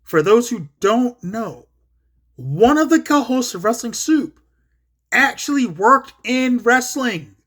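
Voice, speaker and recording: A man's voice: extremely high pitch, very animated, slow, a bit bright. A man hosting his own commentary video, retelling an online argument in a blunt, profane, casual rant full of quoted back-and-forth. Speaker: solo commentary host.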